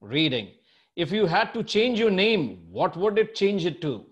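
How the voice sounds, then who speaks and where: Hosting a quiz-style interview from abroad, a man speaks in a high, sing-song, unhurried voice. He mixes English and Hindi and heaps lavish praise on his guest.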